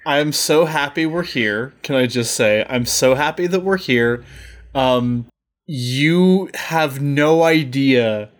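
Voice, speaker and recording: A man's voice: medium pitch, slow. A young adult man co-hosting a casual recap podcast, enthusiastic and teasing, laughing often. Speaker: podcast co-host.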